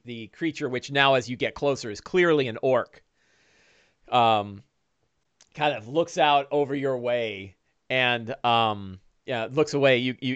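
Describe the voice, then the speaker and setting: A middle-aged man serves as dungeon master for a one-on-one tabletop game, narrating in a smooth, medium-pitched voice. His manner is relaxed and rambling, full of fillers and restarts, and the audio is dull with no room sound.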